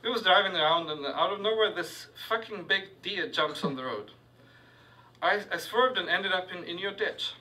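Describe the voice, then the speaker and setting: Man voicing a young woman, Appalachian twang, chatty, bright tone, distant mic. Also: high-pitched, moderate pace, pitched above the performer's own voice. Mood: flustered. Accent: Appalachian, as put on. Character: cheerful young woman stranded after a crash, chatty.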